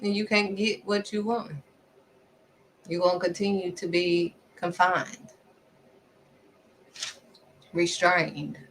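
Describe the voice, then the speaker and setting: A woman giving a casual, faith-driven motivational talk, acting out quick back-and-forth exchanges and repeating pointed questions at the listener. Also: lowish voice, slight background noise, low-quality recording. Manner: animated, acts out little back-and-forth exchanges. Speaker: faith vlogger.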